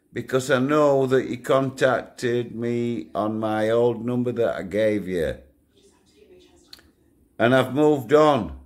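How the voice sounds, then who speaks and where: An older man, talking bluntly to his channel's viewers, swearing freely and chuckling through his stories. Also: mid-range voice. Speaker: channel owner. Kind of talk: casual rambling monologue to viewers.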